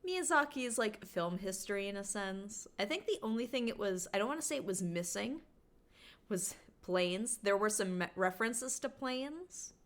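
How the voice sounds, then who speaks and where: A woman from Canada streams a game and chats with her viewers. She rambles casually, full of filler words, at an ordinary middle pitch for a woman. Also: lively intonation, moderate pace. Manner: rambling, chatty, lots of filler "like".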